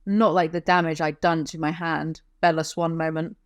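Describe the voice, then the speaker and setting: A woman's voice: low-pitched, normal speed, dry recording. Sarcastic young woman reviewing a book. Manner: sarcastic, deadpan asides. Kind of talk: comedic book review, reading excerpts aloud.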